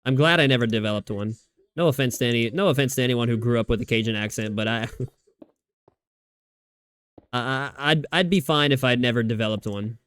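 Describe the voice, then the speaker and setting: A man's voice: mid-range voice, brisk, long pauses, fairly bright tone, smooth. A man streaming live, chatting casually and rambling about football, often restarting his sentences and swearing freely. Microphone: desk microphone.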